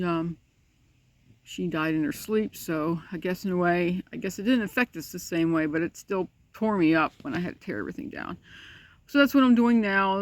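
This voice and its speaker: A woman talking casually to the camera beside her dog's pen, tearful and grieving, speaking haltingly with many pauses and restarts. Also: lowish voice. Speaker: pet owner vlogger. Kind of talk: casual personal vlog.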